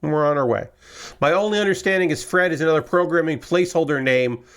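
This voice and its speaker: A man's voice: fairly high pitch, fast talker, a bit bright. A man chatting casually to his viewers on a live stream while building a model kit, rambling with many fillers and restarts. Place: home room at a work table.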